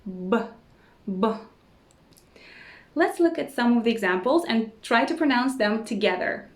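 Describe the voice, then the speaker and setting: A woman teaching an online language lesson, pronouncing each word slowly and repeating it several times. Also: fairly high pitch, animated. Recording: roomy echo.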